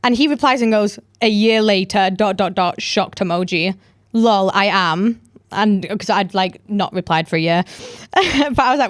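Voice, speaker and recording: A young woman hosting a podcast, telling a story in a chatty, animated way with lots of "like" fillers. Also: mid-range voice, unhurried, clear, resonant tone, dry recording, clean studio sound. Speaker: podcast host. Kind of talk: casual storytelling chat.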